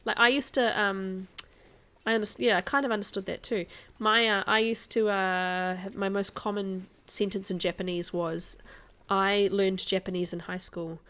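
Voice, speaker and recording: A woman's voice: medium pitch, steady tone, moderate pace, fairly bright tone, clear, resonant tone. Chatty woman streaming a game. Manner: chatty, answers chat, laughs often. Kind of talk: casual live-stream chat while playing.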